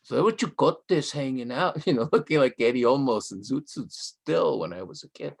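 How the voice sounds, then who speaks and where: A man's voice: medium pitch, normal speed, vocal fry. Older man telling stories with bits of Spanish. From Southern California. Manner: relaxed storytelling that drops Spanish phrases into English. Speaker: guest author. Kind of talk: conversational storytelling in a live online interview.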